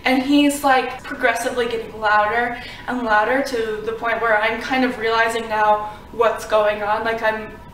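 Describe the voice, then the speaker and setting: A woman's voice: a little high, little pitch movement, moderate pace, a bit bright, a little hiss or hum. A woman from Florida telling a personal story to camera in a casual, rambling way, full of "like" and "um". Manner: chatty, filler-heavy with frequent "like" and "um". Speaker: vlogger. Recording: roomy sound, mic at a distance.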